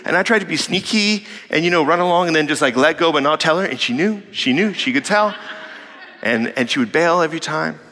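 A man casually telling a long family story as a father, animated and acting out his kids' lines. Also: fairly quick, big-room sound. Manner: animated, quotes his kids in higher voices.

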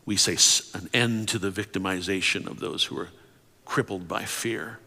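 Bright-voiced pastor preaching in a hall. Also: male voice, low voice, fairly even intonation, normal speed. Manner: impassioned preaching that drops to soft whispered prayer. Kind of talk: sermon with prophetic prayer. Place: church sanctuary. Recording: long reverb of a large hall.

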